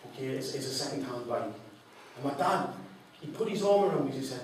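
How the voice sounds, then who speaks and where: A man's voice: mid-range voice, quick pace, slight background noise. A man telling a personal story to a live audience as a motivational speaker. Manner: animated, acts out an auctioneer's patter. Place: large hall. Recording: echoey hall from far off.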